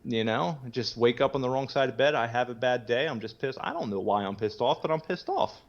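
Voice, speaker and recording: A man's voice: medium pitch, lively intonation, brisk, highs cut off. A man guest talking candidly in casual conversation, rambling with many fillers, swearing casually and laughing easily. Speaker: podcast guest sharing his recovery story.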